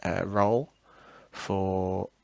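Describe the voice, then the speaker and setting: A man's voice: deep voice, fairly even intonation, extremely slow, vocal fry, a little mellow, clear, resonant tone, no room sound. A man running a tabletop game over a call, rambling and hesitant with many fillers and restarts. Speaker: game master.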